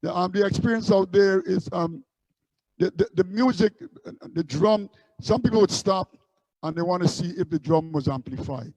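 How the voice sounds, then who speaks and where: A man's voice: high voice, moderate pace, darkish tone, no echo, poor audio. A man from Guyana, a street musician recalling his busking days in a loose, rambling way. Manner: rambling anecdotes with many restarts. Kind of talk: casual storytelling interview.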